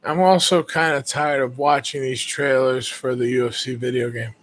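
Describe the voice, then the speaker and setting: A man co-hosting a live fight reaction show, commenting calmly and dryly. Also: mid-range voice. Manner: calm, dry, measured commentary. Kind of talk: casual live reaction chat.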